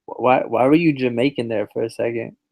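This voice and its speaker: Podcast co-host, male, mid pitch, dry deadpan delivery, hesitant. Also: vocal fry, rough recording. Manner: deadpan, halting with restarts. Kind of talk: casual chat, football picks.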